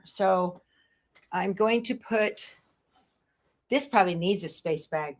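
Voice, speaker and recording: A woman hosting a quilting show, chatting casually to viewers and herself as she sorts her craft room. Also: mid-range voice. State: out of breath at times. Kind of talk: casual chat while tidying. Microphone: earbuds.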